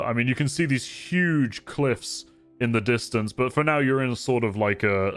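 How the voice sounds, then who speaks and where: A man narrating a tabletop game as game master, descriptive and often laughing. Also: on the low side.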